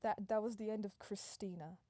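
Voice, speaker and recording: A woman rambles through an improvised comic story, swearing and restarting sentences as she goes. Her voice is mellow and soft-edged. The sound is dry and close. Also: mid-range voice, steady tone, a little fast, no room sound.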